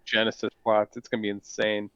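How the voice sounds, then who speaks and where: A man's voice: lowish voice, monotone, brisk, a bit bright, no room sound. A man co-hosting a live stream in casual chat, joking around and tripping over his words. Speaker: co-host of a crypto game stream. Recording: dull, dry home mic audio.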